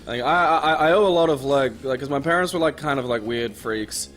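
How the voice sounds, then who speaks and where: A man's voice: medium pitch, fairly quick, a bit bright, faint music behind. A young man chatting casually on a game stream, rambling and self-deprecating with many restarts. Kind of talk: casual chat.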